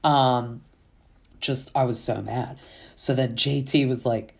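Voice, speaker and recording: A woman's voice: rumbling low, fairly even intonation, takes it slowly, gravelly, slightly rough. A woman hosting a casual reality TV recap, chatty and full of fillers, with exasperated asides.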